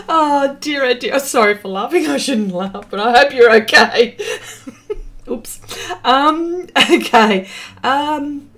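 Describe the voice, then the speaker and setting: An artist with an Australian accent, a middle-aged woman, chats casually on a livestream while reading comments, laughing often and trailing off with fillers. Her voice is high-pitched and a bit bright, slow-paced with frequent pauses.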